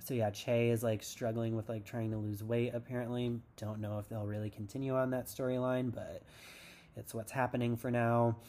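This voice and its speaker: A man's voice: medium pitch, flat delivery, normal speed, mellow. A man hosting a casual TV recap podcast, rambling and sarcastic with lots of "like". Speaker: podcast host.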